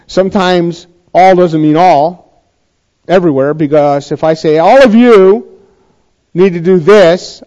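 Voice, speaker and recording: A man's voice: fairly high pitch, dark tone, dull audio. A middle-aged man preaching a sermon in a conversational way, often asking the congregation questions. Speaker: pastor.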